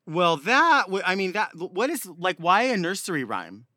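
A man's voice: high voice, sing-song, moderate pace, bright, forceful tone, no echo, studio quality. A man guest co-hosting a podcast in casual chat, who drags his words out and moans a little after them. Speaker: guest co-host.

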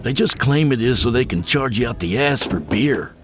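An actor playing a grumpy, condescending young college student who grumbles. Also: male voice, medium pitch, animated, normal speed, fairly bright tone, faint music behind, natural voice. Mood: grumbling.

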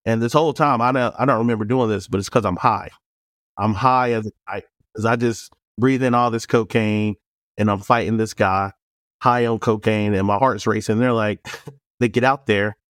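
A former police officer telling a story in a casual, frank way, acting out the other people's lines in quoted voices. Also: male voice, on the low side, normal speed, dry recording, studio quality. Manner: animated, acts out dialogue in quoted voices.

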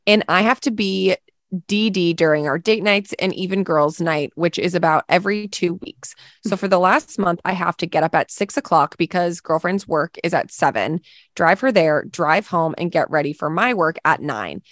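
A woman's voice: on the low side, moderate pace, dry recording, clean studio sound. A woman co-hosting a podcast, chatting casually, swearing and laughing often, and reading a listener's post aloud. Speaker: podcast co-host.

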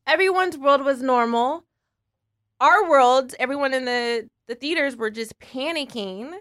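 A woman's voice: high-pitched, a little slow, a bit bright, dry recording, studio quality. A woman co-hosting a casual podcast chat, telling a story emphatically and swearing freely. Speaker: podcast co-host.

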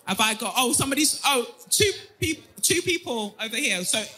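A woman with a British accent hosting a live podcast show, shouting thanks and calling on audience members. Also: on the high side, expressive, moderate pace. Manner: warm, shouting thanks to the crowd. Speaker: podcast host. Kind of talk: live show crowd interaction. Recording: live venue with music.

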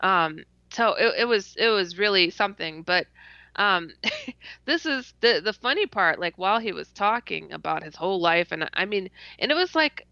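A woman telling a personal story in a casual interview, animated and laughing often, stuttering and restarting as she goes. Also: mid-range voice, normal speed, no room sound. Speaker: interview guest. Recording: dull lo-fi dry recording.

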